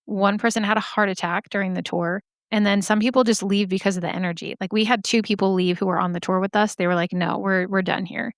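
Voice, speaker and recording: Smooth-voiced woman podcaster telling stories. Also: mid-range voice, steady tone, fast talker, few pauses, dry recording, clean studio sound. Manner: candid, chatty, swears freely. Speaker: podcast host. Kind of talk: casual storytelling.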